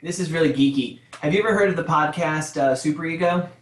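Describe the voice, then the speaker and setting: A man's voice: fairly high pitch, fast talker. A man, a guest cartoonist, chatting casually on a podcast, enthusiastic and laughing often with geeky asides. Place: his home studio by a bookshelf. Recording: roomy echoey sound.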